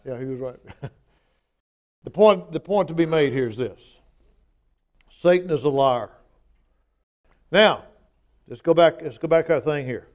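A male preacher delivers a sermon in a clear, resonant voice that sits a little high. He talks conversationally but drives points home with strong emphasis, acting out quoted lines as he goes. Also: unhurried, pauses often, a little mellow.

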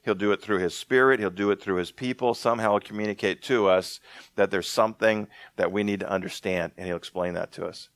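A man preaching a sermon in a conversational way, slowing down to read scripture aloud. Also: fairly low pitch, steady tone, no room sound. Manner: conversational, restarts often, reads scripture slowly. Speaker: pastor.

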